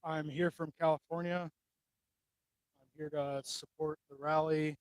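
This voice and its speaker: A somewhat high-voiced man giving a street interview at a rally, earnest and argumentative. His voice sits close and dry, with no echo around it. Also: a little slow. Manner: earnest, argumentative, steady political talking points. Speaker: rally attendee being interviewed.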